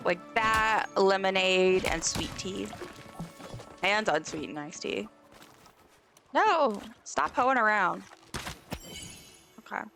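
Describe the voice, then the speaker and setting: A young woman chats while she plays on a live stream, rambling along with plenty of fillers and restarts. Her voice sits in a middling register. Soft game music plays faintly underneath. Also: medium pitch, slow, vocal fry, pauses often. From Southern United States. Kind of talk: casual live-stream chat while gaming.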